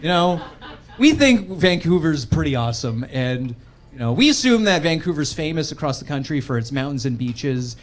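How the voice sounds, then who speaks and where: A young man from Canada performing a stand-up set in a comedy club, talking in an animated way and jumping into acted-out voices. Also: fairly high pitch, normal speed. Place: comedy club stage with a laughing crowd.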